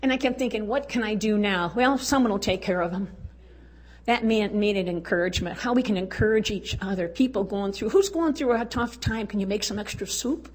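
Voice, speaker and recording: A woman's voice: medium pitch, a little fast. An older woman giving a folksy, exuberant testimony talk at a church women's event, urging and cheering her listeners on. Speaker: women's conference speaker.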